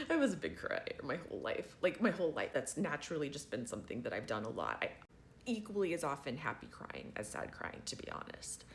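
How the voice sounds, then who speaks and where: A man's voice: a little high, wildly swooping pitch, a little fast, creaky, a bit bright, slight background noise. A trans man chatting casually to his viewers, rambling and wry and laughing often. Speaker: vlogger. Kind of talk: casual chat to camera.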